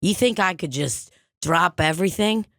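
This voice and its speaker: A woman's voice: on the low side, animated, normal speed, vocal fry, a bit bright, no room sound, clean studio sound. A woman playing a brash, pushy fake psychic medium with a put-on Long Island accent, in an improvised comedy sketch. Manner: pushy, rambling, streetwise patter. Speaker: podcast co-host.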